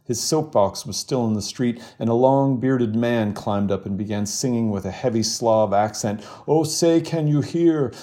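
Novelist guy reading his book out loud, low and warm, steady measured delivery. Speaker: novelist guest.

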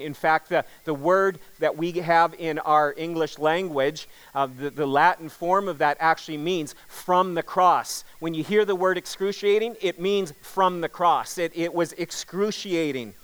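A man's voice: a little high, unhurried, few pauses, a bit bright, clean tone. A man preaching a sermon as pastor, earnest and emphatic, repeating key words for weight.

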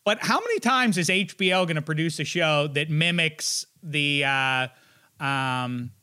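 A male host in easy, rambling chat, tossing in jokes and mock accents. His voice sits a little high and comes across bright and forceful. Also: measured pace, clean tone. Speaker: podcast host. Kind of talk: casual chat.

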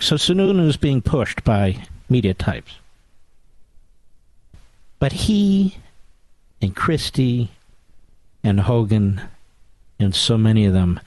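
A man's voice: mid-range voice, a little mellow, no room sound. A man hosting a political talk radio show, delivering a combative, sarcastic monologue.

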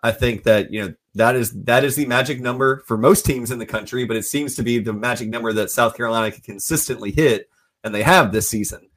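A man's voice: mid-range voice, a little fast. Man breaking down a basketball game. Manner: steady, analytical breakdown. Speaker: sports talk show host. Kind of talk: sports analysis.

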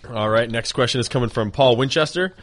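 A man talks quickly in a mid-range voice, cracking jokes in casual podcast chat. He mimics people he talks about. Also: medium pitch, fairly bright tone. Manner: quick, joking banter and mimicry. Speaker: podcast co-host.

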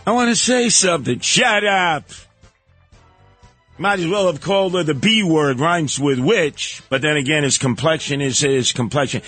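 A man's voice: fairly high pitch, moderate pace, a bit bright, slightly rough, soft background music. A man hosting a radio talk show, delivering an opinionated, sarcastic and combative monologue.

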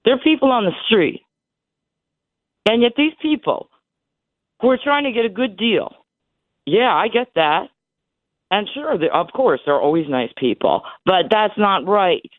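A woman's voice: mid-range voice, very animated, unhurried, pauses often, dry recording. A woman in her sixties calling in to a radio show, talking emphatically with emotion. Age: 60s. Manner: emotional, emphatic, repeating herself. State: voice breaking with emotion. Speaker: caller. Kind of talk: call-in radio chat. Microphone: telephone. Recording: tinny phone line.

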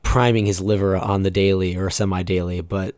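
A man with a notably deep, low voice chats casually on a podcast, teasing dryly. He is recorded close and dry, with no room sound. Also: steady tone, fairly quick, darkish tone, no room sound. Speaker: podcast co-host. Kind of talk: casual chat.

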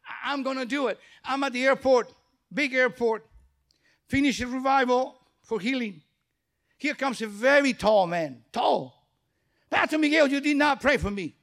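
Man, pastor, sermon, very high-pitched, animated storytelling, non-native English phrasing. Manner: animated storytelling, acts out dialogue.

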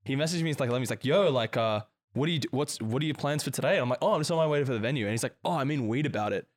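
A man co-hosting a podcast in casual chat, telling stories and quoting people in put-on voices. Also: mid-range voice. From Australia. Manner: fast-talking storyteller, quotes people in put-on voices. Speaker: podcast co-host.

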